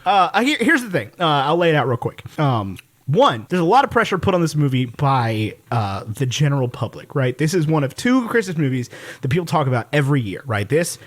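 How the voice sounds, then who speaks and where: A man's voice: a little high, brisk, no echo. A man in his late twenties co-hosting a casual film podcast, teasing his partner and joking around. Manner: playful, teasing, lively. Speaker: podcast co-host.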